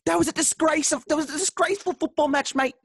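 Guy doing a shouty liverpool footy pundit, way high pitched, all "mate". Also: quick pace. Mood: indignant. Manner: exaggerated, shouty, ends lines with "mate". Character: brash male English football pundit, mouthy.

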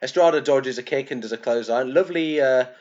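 A man's voice: mid-range voice, a little mellow. Man hosting, hesitant and muffled. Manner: halting, many fillers and restarts. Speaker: podcast co-host. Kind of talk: casual wrestling review chat. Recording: muffled lo-fi podcast audio.

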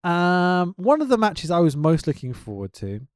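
A man's voice: high voice, moderate pace, no room sound, studio quality. A man co-hosting a casual wrestling podcast, ranting with lots of swearing and indignation. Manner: animated, profane, indignant ranting.

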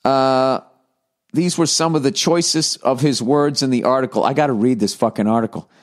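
A man's voice: mid-range voice, moderate pace. A man hosting a podcast, ranting and riffing in a profane, comic way and reading an article aloud with mock outrage. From United States. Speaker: podcast host. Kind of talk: comedic podcast rant.

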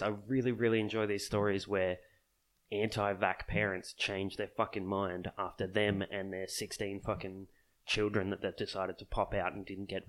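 A man's voice: lowish voice, fairly bright tone. Exasperated swearing man ranting. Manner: exasperated, swears constantly, sarcastic. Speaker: podcast host. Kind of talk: profane solo rant.

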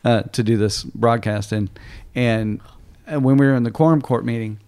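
A man's voice: mid-range voice, steady tone, moderate pace, darkish tone, clean tone. A middle-aged man hosting a faith podcast, telling stories in an earnest, casual way with many restarts. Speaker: podcast host.

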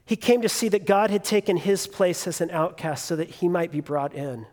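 A man's voice: high voice, fairly even intonation, moderate pace, a little mellow. A man in his thirties preaching a sermon, telling a personal story in a conversational way with fillers and restarts. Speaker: pastor. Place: church sanctuary. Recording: long hall reverb.

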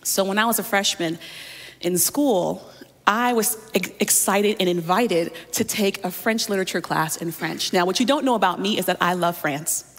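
A woman's voice: medium pitch, moderate pace, in a large hall. A woman pastor preaching a sermon, telling a personal story and often speaking straight to her listeners.

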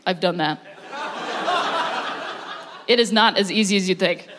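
A woman from Ohio performing a stand-up comedy set, dropping deadpan punchlines between laughing, self-mocking asides. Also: lowish voice, unhurried, noisy background. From Ohio, USA. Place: comedy venue with a live audience.

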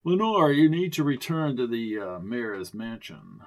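Smug male official voiced by a man, snooty, pompous, forceful, audiobook character. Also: mid-range voice, big pitch swings, measured pace.

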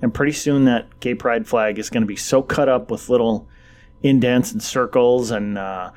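A man's voice: mid-range voice, fairly even intonation, moderate pace, a little mellow. A man co-hosting a casual political chat, blunt, mocking and profane.

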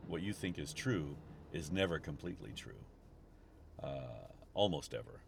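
Deep-voiced man podcasting from his car. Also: expressive, moderate pace, creaky. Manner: rambling, restarts often, gets frustrated in traffic. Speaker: podcast host. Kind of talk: casual podcast recorded while driving. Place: inside a car in traffic. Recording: road noise from a car. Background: vehicle and road noise.

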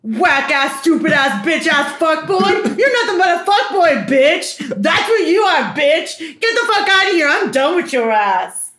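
A woman's voice: big pitch swings, unhurried, roomy sound, full character voice. A woman doing an impression of a furious, brash young woman who is cursing someone out. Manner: shouting, profane, high-pitched.

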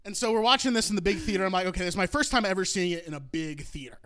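A man in his twenties telling a profane comic story on a podcast, animated and prone to shouting out his own outbursts. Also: high-pitched, racing, clear, resonant tone, no echo, clean studio sound.

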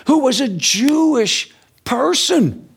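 A man preaching a sermon in an animated, emphatic way, stretching key words out slowly for weight. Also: extremely high pitch, vocal fry, breathy edge.

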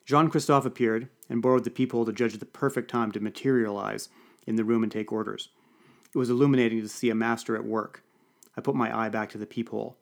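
A man reading a novel aloud in a dry, even first-person narration. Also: mid-range voice, quick pace, creaky. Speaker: audiobook reader. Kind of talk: scripted narration.

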